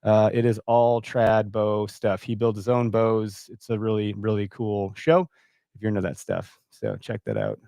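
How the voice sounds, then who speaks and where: Early in the morning at home, a Wisconsin man who hosts a hunting podcast live-streams from his computer, rambling casually with many fillers and stopping to read viewer comments aloud. His lowish, warm voice has lively intonation, vocal fry, and a normal pace, and he sounds a bit out of breath and stuffy-nosed. The mic is close and dry, with no room echo.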